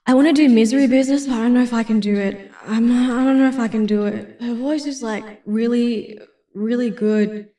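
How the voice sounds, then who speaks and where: High-voiced woman streamer in a roomy space. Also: recorded from a distance. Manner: chatty, self-deprecating, swears casually. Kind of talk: casual chat between karaoke songs. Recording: roomy, with loud music behind.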